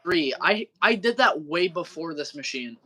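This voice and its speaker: A man's voice: a little high, animated, moderate pace, sharp tone, husky. A young man, chatting loosely on a livestream, full of slang and swearing. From Wisconsin, US Midwest. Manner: rambling, slangy, swears a lot, keeps saying bro. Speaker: livestream co-host. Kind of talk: casual chat on a livestream.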